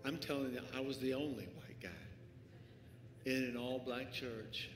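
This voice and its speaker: Pleading pastor in an echoing church. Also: male voice, mid-range voice, a little slow, over music. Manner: pleading, repetitive urging, rising to shouts. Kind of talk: altar call sermon. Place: church sanctuary with live music. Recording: echoey hall, live stream.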